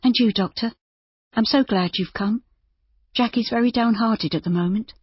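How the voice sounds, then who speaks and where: An anxious young woman with a caring, coaxing voice that lifts bright and high, as a woman narrator puts her on. Her tone is gently pleading, and the sound is a little muffled and close. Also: moderate pace, breathy edge, dry recording. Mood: relieved.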